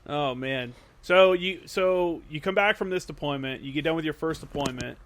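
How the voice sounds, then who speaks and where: A man's voice: fairly high pitch, unhurried, fairly bright tone, a little hiss or hum. Laid-back, profane podcast host man. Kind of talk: casual chat.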